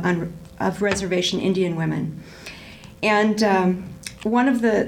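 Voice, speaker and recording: A woman's voice: medium pitch, vocal fry, rough recording. A woman reading from a novel aloud and then talking it over thoughtfully, with frequent ums and restarts. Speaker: book discussion presenter.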